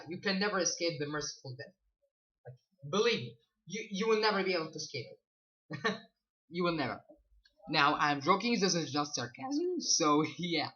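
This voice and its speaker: Brief: male gaming vlogger, bright forceful voice, rambling casual review, muffled lo-fi mic. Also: high-pitched. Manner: rambling, repeats "so yeah" and "believe me"; reads game stats aloud, stumbling over numbers. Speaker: gaming channel host. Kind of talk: casual game review commentary.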